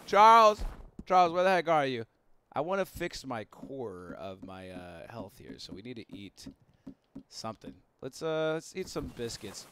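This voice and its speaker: A young man commentating his game live for viewers, excitable and prone to yelling and laughing when things go wrong. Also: medium pitch, a little hiss or hum. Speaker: gaming streamer.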